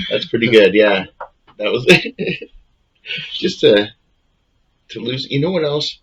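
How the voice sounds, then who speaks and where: A man's voice: medium pitch, animated, takes it slowly, long pauses, a bit bright, muffled recording, a little hiss or hum. A man in casual comedic podcast chat, given to blunt, profane rants.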